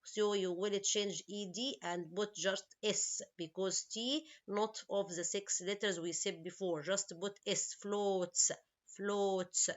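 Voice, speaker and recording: A woman's voice: mid-range voice, steady tone. Woman teacher patiently explaining English. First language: Arabic. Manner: slow, explains each word and asks questions; non-native English with grammar slips. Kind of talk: online English lesson. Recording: slightly dull lo-fi recording.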